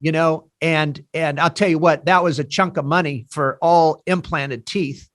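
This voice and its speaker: A man in his sixties hosting a podcast, telling stories in an animated way and laughing between lines. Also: fairly high pitch, a little slow. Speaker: podcast host and founder of a recovery nonprofit. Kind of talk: casual podcast conversation.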